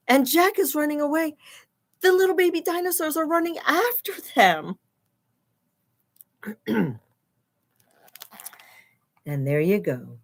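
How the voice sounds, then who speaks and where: A woman reads a picture book aloud to children at an unhurried pace, pausing to explain words and point at the pictures. Her voice sits a little high and swings widely, rising into gasps and exclamations as the story turns exciting. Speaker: teacher reading aloud to children.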